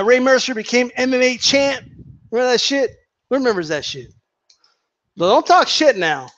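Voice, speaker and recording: A man with a high voice rants to his viewers, heated and mocking, swearing freely and hammering his points through repetition. The sound is dull and lo-fi. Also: a bit bright, no room sound. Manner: heated, profane, mocking, repeats himself. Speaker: boxing commentator vlogger. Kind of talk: casual rant to viewers.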